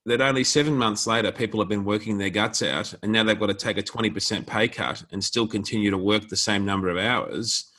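Australian guy on a podcast, bit low, bright crisp voice, slow and deliberate. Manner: measured, deliberate explaining. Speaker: law firm director, guest. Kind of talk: podcast interview conversation.

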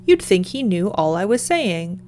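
A woman voicing an excited rustic gravedigger who eagerly tells a strange tale, in a storybook reading. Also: mid-range voice, measured pace, slight background noise.

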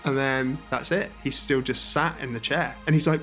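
A man's voice: medium pitch, fairly even intonation, moderate pace, a bit bright, faint music behind. A man chatting casually as a podcast co-host, telling a story and acting out characters' lines. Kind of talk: casual chat.

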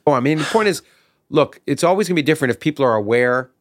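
A man's voice: fairly high pitch, lively intonation, rapid-fire, no room sound, clean studio sound. A man hosting an interview in an office, asking questions while searching for his words. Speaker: podcast host. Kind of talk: casual interview conversation.

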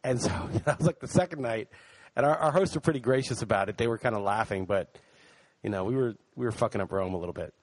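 A man's voice: medium pitch, quick pace, no room sound. A man co-hosting a podcast, telling a story in casual chat and swearing now and then. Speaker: podcast co-host.

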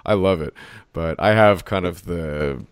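Californian male podcast host, very deep and dry, curious questioner. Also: measured pace, smooth, no echo. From United States. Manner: inquisitive, conversational. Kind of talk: podcast interview.

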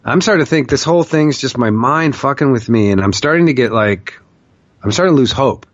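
A man's voice: mid-range voice, lively intonation, brisk, dry recording, dull audio. A man casually telling a long personal story, swearing freely and often saying "like.". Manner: candid, profane, with frequent "like" fillers.

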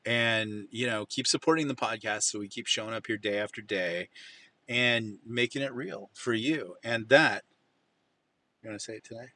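Bright-voiced man telling rambling stories. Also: fairly low pitch, moderate pace. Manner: rambling anecdotal storytelling with many fillers. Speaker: podcast host. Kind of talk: casual chat.

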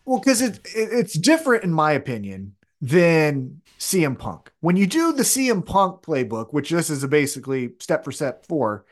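Rambling, animated podcast co-host man. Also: a little high, normal speed, hardly any pauses. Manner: rambling, opinionated, restarts often. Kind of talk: casual chat.

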